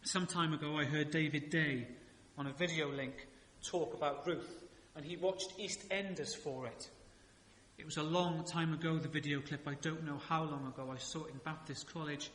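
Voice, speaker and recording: A man's voice: on the high side, fairly even intonation, moderate pace, fairly bright tone, slight background noise. A male pastor preaching a sermon in a church, chatty and joking, with many rhetorical questions. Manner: conversational preaching with rhetorical questions and humorous asides. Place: church sanctuary. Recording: echoey church hall reverb.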